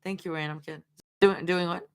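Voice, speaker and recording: A woman's voice: lowish voice, fairly even intonation, normal speed, clear, resonant tone. A woman reading fan fiction aloud on a livestream, stopping often to laugh and chat with viewers. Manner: giggly, laughs often between lines. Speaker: fanfiction reader on a livestream. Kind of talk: live story reading with chat reactions.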